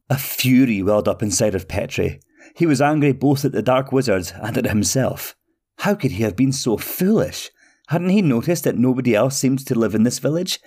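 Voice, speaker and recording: A man reads a fairy tale aloud as host of a story podcast. His narration is steady and expressive, paced for listening. His voice sits in a middle pitch. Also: normal speed, husky.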